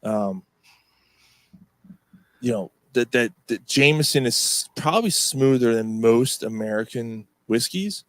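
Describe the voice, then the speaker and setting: Slow and expressive, a man with a medium-pitched voice co-hosts a podcast, rambling through his stories in a relaxed pub-chat style. He swears often and uses lots of fillers, and there's no room sound.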